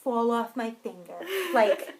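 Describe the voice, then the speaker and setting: A woman co-hosting a crafts podcast in casual chat, self-deprecating and quick to laugh. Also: a little high, gravelly, darkish tone, poor audio. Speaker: podcast co-host.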